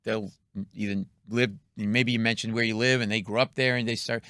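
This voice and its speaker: This is a middle-aged male comic on a radio show, rattling off funny anecdotes and voicing the people he quotes, fast and punchy. He speaks on the low side in a steady, slightly bright tone, recorded without echo.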